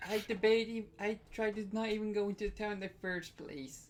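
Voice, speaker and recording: A player in a casual tabletop game, speaking in a lively, tentative way. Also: medium pitch, brisk, slight background noise. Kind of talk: casual tabletop role-play.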